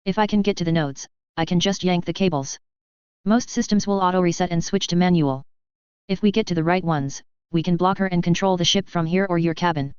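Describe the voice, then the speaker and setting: A woman's voice: on the low side, brisk, a little mellow, clear, resonant tone, no echo, lightly acted. A woman voicing a weary female ship hacker with a dry, grim humor. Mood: wry. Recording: dry, slightly dull lo-fi recording.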